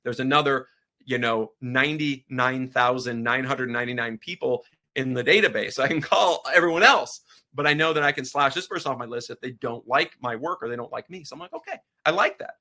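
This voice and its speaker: A man teaching a photography business workshop in a casual, energetic and rambling way, acting out sales calls as he goes. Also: medium pitch, fairly quick.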